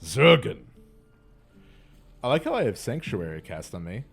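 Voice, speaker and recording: A man's voice: mid-range voice, sing-song, measured pace, vocal fry, faint music behind. A man hosting a let's play, chatting casually and laughing often with self-deprecating asides. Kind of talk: casual gameplay commentary.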